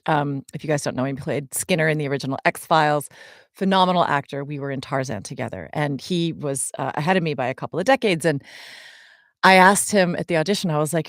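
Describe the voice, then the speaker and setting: A woman's voice: deep voice, no room sound, studio quality. A woman in her forties, co-hosting a podcast and answering fan questions in a chatty way, with many ums and small laughs. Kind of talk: casual podcast chat.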